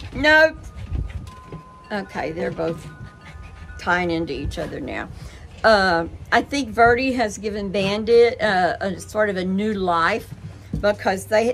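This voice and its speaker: Older woman with a gravelly voice. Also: fairly high pitch, a bit bright, low-quality recording. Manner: rambling, chatty storytelling with fillers. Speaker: vlogger. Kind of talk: casual chat to viewers.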